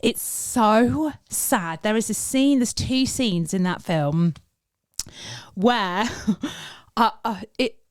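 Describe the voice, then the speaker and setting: A woman's voice: mid-range voice, drawn-out words, no room sound, clean studio sound. A woman in her forties, a podcast co-host, telling stories with lots of laughs and acted-out quotes. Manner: animated storytelling, acting out quotes with laughs. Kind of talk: casual chat.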